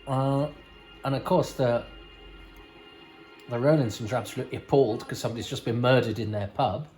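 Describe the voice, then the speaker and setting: A man's voice: medium pitch, fairly even intonation, fairly quick, darkish tone, soft background music, low-quality recording. Chatty rambling man. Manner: rambling, chatty, self-correcting, wry asides. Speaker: podcast host. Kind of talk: casual commentary over a TV episode.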